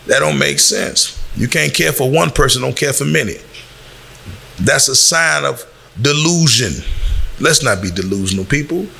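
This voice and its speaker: A man's voice: medium pitch, vocal fry, pushed and bright, slightly rough. A man from Chicago lecturing young people in a blunt, preachy way, his voice climbing on the points he stresses. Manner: blunt, lecturing, rising on emphasis. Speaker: community speaker.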